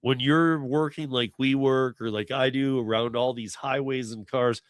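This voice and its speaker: A man hosting a casual talk show, animated and laughing easily, swearing freely. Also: medium pitch, normal speed, no echo. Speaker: podcast host. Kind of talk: casual chat.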